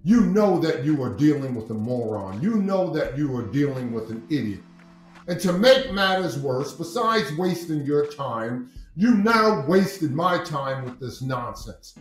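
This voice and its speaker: A man's voice: on the high side, sing-song, measured pace, echoey room, faint music behind. A man voicing a stern male lion, king of the jungle, in a blunt, scolding manner.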